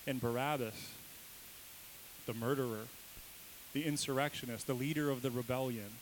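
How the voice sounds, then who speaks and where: A man's voice: medium pitch, steady tone, normal speed, low-quality recording. Conversational male preacher, faint hiss. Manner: conversational, asks the congregation questions; acts out quoted voices with bursts of emphasis. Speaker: pastor. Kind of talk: sermon.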